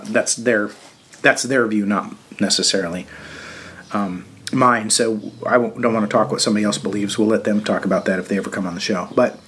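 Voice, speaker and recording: A man hosting a show, giving a casual political commentary monologue in a halting way with frequent restarts and fillers. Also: mid-range voice, a bit bright. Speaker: show host.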